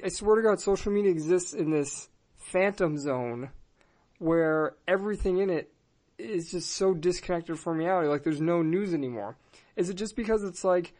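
A man's voice: a little high, a little mellow. A man hosting a comedic podcast, talking in a sarcastic, rambling way. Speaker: podcast host. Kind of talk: casual comedic podcast chat.

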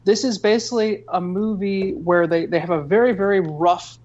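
A man's voice: high voice, moderate pace, a little mellow, dull audio. A man co-hosting a podcast, reviewing a film in a rambling, conversational way. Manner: rambling, conversational, frequent fillers.

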